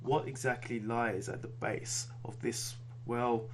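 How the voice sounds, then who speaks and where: Relaxed man reading comic listings. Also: medium pitch, slow pace, a little hiss or hum. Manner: stumbles through reading, relaxed. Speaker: podcast host reading comic news. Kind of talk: casual chat and reading listings.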